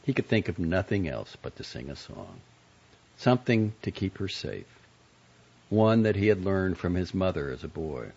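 A man reads aloud in a low, slightly husky voice, his measured narration rising and falling with plenty of melodic movement. The recording sounds dull and lo-fi. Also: sing-song, a little mellow. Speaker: reader of magazine pieces. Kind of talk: scripted narration of fiction and an essay.

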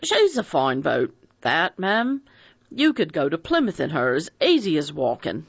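A reader voicing a weather-beaten boatman with a soft Devon accent, speaking politely and persuasively. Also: mid-range voice, wildly swooping pitch, a little slow, gravelly, husky, dry recording, highs cut off, full character voice.

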